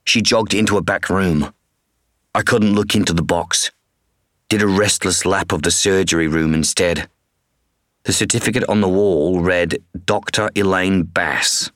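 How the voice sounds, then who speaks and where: A man with a very low voice reads a first-person story in a measured, somber way. He is close to a studio mic. The sound is completely dry, with no room echo. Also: steady tone. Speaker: audiobook narrator. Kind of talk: first-person scripted narration.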